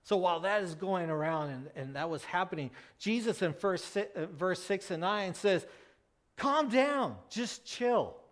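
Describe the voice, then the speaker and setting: A man preaching a conversational sermon, animated, asking his listeners questions and acting out the people in the story. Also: sits high, moderate pace, hardly any pauses. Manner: animated, asks the congregation questions; acts out quoted voices, with frequent restarts.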